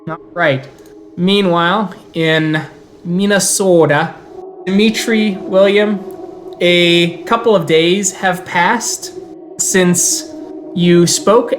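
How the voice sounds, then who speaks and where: A man's voice: a little high, a bit bright, a little hiss or hum. A man running a tabletop game as game master, narrating scenes and slipping into character voices. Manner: storytelling, slips into character voices.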